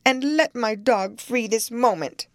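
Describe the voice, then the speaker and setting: A woman voicing a spoiled, haughty young girl who is imperious and quick to tears, in a storybook reading. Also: fairly low pitch, sing-song, dry recording, studio quality, full character voice. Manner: demanding, indignant, quick to tears.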